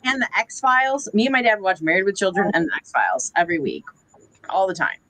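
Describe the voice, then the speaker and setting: A woman chatting casually in a sewing circle, telling lively stories. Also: mid-range voice, a little fast, rough recording. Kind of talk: casual chat.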